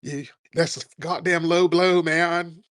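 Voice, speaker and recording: Man putting on an outraged teen boy, high and cracking, mock-whiny. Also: flat delivery, takes it slowly, a bit bright, dry recording, studio quality. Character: whiny offended eighteen-year-old male troll.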